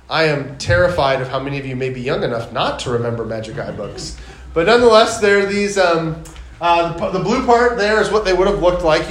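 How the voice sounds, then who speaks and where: High-voiced pastor in an echoing hall. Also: male voice. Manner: conversational, paraphrases scripture in casual voices. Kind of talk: sermon. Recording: echoey hall from far off.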